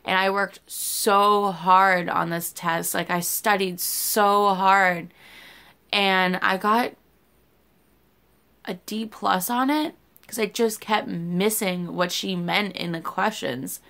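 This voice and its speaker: Young woman vlogger, bright crisp voice, candid and rambling, cusses casually. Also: mid-range voice, steady tone, slow pace. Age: young adult. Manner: candid, rambling, swears freely. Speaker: YouTuber. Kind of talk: casual vlog chat.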